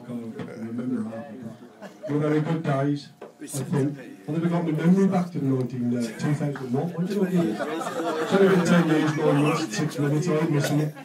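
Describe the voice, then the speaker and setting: A man's voice: a little high, fairly quick. Rowdy man telling jokes. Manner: laughing, swearing banter. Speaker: amateur joke teller. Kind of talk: pub joke telling to friends. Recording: echoey room from far off with loud crowd.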